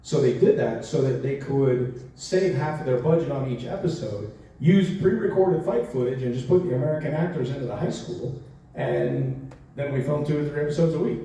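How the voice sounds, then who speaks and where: A man's voice: medium pitch, normal speed. A man in his forties answering fan questions on a convention panel, telling stories animatedly with frequent laughs. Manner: animated, acts out quotes, laughs often. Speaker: actor, convention panel guest. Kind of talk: storytelling Q&A answers. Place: large convention hall. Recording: echoey hall from far off, faint noise.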